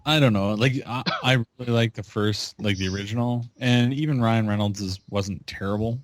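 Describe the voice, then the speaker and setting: A man on a podcast in casual chat, speaking in a measured, matter-of-fact way. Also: on the low side, dry recording.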